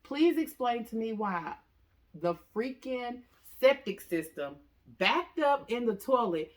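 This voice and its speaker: A woman casually telling a story to viewers, often calling them "y'all" and acting out what people said with big jumps in her voice. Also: slow pace. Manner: animated, acts out quotes with big pitch jumps; talks straight to viewers, says "y'all" often.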